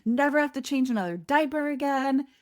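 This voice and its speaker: A woman in her thirties hosting a podcast, telling a personal story in a candid, animated way and quoting people in lively voices. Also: high-pitched, fairly quick. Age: 30s. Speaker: podcast host.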